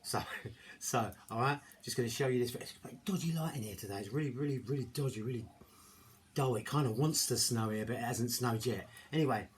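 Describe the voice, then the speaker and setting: Jokey, rambling home-cooking vlogger, middle-aged, faint room noise. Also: male voice, medium pitch, brisk. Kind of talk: casual chat to camera. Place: home kitchen, indoors. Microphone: camera mic.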